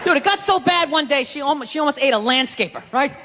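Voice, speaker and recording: Guy ranting onstage doing standup, swears a lot, kinda high voice, long hall reverb. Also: lively intonation, quick pace, crowd noise, noisy background. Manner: loud, ranting, profane. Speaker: stand-up comedian. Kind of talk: stand-up routine. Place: comedy stage with a live audience.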